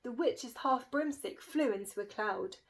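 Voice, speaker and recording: A woman's voice: on the high side, a little slow, poor audio. Woman reading a rhyming picture book aloud. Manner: rhythmic, lilting rhyme reading. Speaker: storybook reader.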